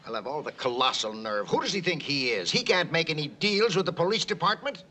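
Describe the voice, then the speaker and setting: An actor playing a pompous, indignant city mayor in a 1960s film. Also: male voice, fairly high pitch, expressive, fairly quick, sharp tone. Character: flustered big-city mayor, middle-aged, self-important.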